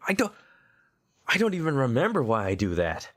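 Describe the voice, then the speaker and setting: A man's voice: medium pitch, huge pitch swings, fairly quick, a bit bright. A male game streamer reading game text aloud and joking, slipping into a mock southern drawl.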